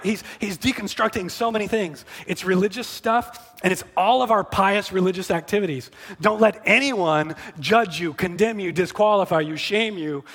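A male preacher with a high voice delivers a sermon, emphatic but chatty, often stumbling over repeated words as he begins a thought. His voice carries a long reverb, as if heard in a large sanctuary. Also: a bit bright. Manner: emphatic, conversational, repeats words when starting a phrase.

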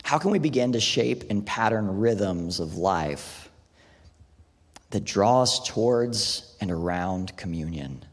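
A man's voice: on the low side, expressive, slow pace, slightly rough. A man preaching a sermon in a casual, conversational way, often saying "like" and "right?". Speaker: pastor. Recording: long hall reverb.

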